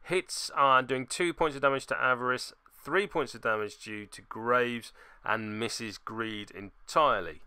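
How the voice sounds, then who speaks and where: A man's voice: medium pitch, measured pace, pushed and bright, clean tone, no echo, clean studio sound. A man narrating a tabletop miniatures game turn by turn, with wry, self-deprecating asides.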